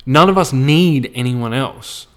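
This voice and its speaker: A man's voice: medium pitch, measured pace. An Australian man hosting a podcast, ranting casually with blunt, heavy swearing and a preachy tone. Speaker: podcast host.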